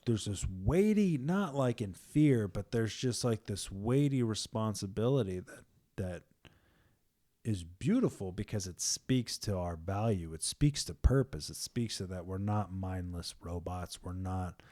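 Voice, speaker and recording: A man in a casual faith conversation, animated, sometimes dropping into whispers. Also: lowish voice, unhurried. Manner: animated, acts out quotes with sudden whispers.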